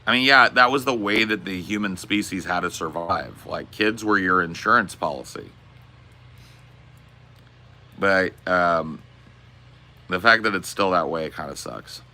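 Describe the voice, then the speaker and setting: A man's voice: sits low, unhurried, long pauses, pushed and bright. A man streaming live, casually answering chat questions in a rambling, profane, laid-back way.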